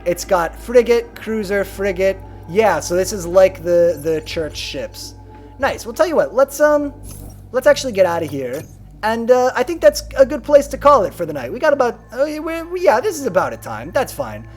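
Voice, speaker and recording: A man's voice: sits high, sing-song, moderate pace, faint music behind. A man streaming a video game live, chatting casually, reading game text aloud and humming to himself, his voice a little worn.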